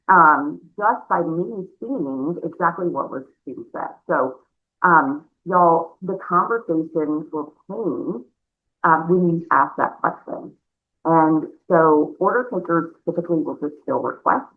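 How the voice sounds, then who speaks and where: A woman giving a conversational sales training talk, chatty and animated, calling her listeners y'all. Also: lowish voice. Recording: narrow phone-like sound.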